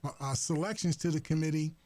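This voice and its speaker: A man hosting a talk radio program, commenting on the news in a halting way, full of fillers and restarts. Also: a little high, steady tone, darkish tone, no echo. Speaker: radio host. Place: radio studio. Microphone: studio microphone.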